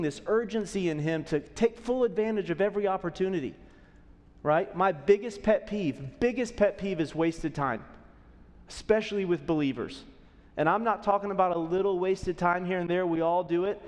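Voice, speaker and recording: A man's voice: high voice, normal speed, in a large hall. A man in his thirties preaching a sermon as a pastor, conversational and often checking in with the audience. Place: church auditorium.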